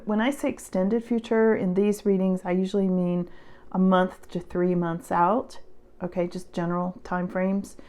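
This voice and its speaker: A tarot reader with a lowish voice gives her viewers a casual reading, chatty and reassuring. She laughs often and grows animated whenever something stirs her up.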